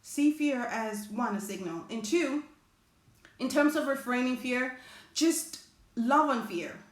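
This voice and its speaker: A woman's voice: sits high, lively intonation, slow pace. A woman hosting a live motivational talk, chatting with her viewers and reading their comments. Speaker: host of a live motivational stream. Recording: echoey room.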